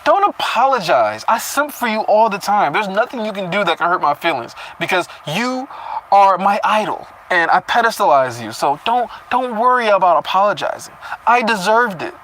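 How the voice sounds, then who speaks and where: A man's voice: high voice, big pitch swings, moderate pace, a bit bright, slight background noise, voice pushed up, poor audio. A man doing a goofy parody of a devoted, fawning, self-deprecating young man.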